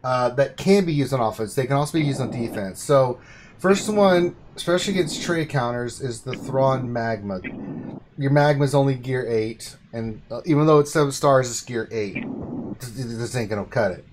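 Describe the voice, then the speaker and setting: A man hosting a casual gaming chat, talking through team builds with excited outbursts. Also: medium pitch, moderate pace. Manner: excitable, bursts of exclamation. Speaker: stream host. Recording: hissy stream with clicks.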